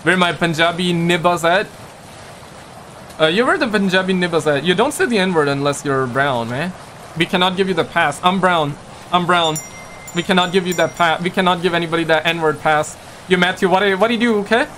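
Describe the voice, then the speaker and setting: A man's voice: fairly high pitch, moderate pace, pushed and bright, a little hiss or hum. A man from Pakistan, chatting casually on a live stream, joking and rambling as he reads viewer comments aloud. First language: Urdu. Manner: joking, rambling, playful slang. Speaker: livestreamer.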